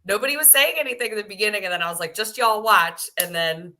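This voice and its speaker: A woman's voice: mid-range voice, quick pace, pushed and bright. A woman co-hosting a podcast, talking in a bubbly, gushing way. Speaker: podcast co-host. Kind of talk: casual chat.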